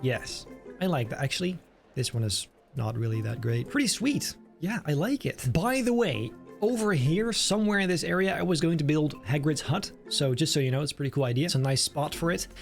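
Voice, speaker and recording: Chatty man with a fairly high voice. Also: animated, a little fast, vocal fry, soft background music. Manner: enthusiastic, chatty, thinking aloud. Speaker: game video creator. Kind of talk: casual gameplay commentary.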